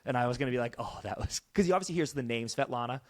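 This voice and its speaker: Excitable podcast host, dry close sound. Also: male voice, rapid-fire, dry recording. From Canada. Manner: excitable, quotes dialogue in lowered voice, says dude. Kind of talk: casual chat.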